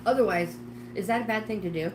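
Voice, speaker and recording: A middle-aged woman from New York State, speaking at a medium pitch and a fast clip, chats rambly with livestream viewers while cleaning her home kitchen, often exclaiming to herself. The indoor kitchen sounds roomy and echoey, with a noisy background.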